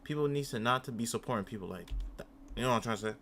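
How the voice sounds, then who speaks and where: A man's voice: medium pitch, rapid-fire, noisy background. A young man hosting a reaction channel, talking casually in a rambling way, often repeating himself and swearing.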